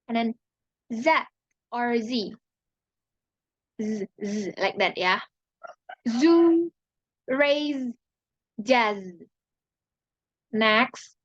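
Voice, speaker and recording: Slow, halting young woman student. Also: a little high, lively intonation, dry recording, muffled recording. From Indonesia. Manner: slow, halting, repeats each sound and example word. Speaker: student presenter. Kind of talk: class presentation on pronunciation.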